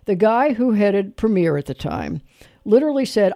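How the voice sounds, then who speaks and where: A man's voice: a little high, expressive, fairly quick, vocal fry, mellow, no room sound, clean studio sound. A middle-aged man hosting a late-night call-in radio show, talking candidly and rambling with many fillers and restarts. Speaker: radio talk show host.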